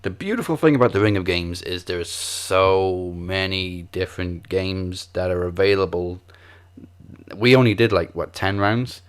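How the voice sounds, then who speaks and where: A man's voice: low-pitched, a little slow, clean tone. A man co-hosting a podcast, running a trivia game in a casual, playful way. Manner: playful, laughs at his own attempts at foreign pronunciation. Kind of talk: casual chat.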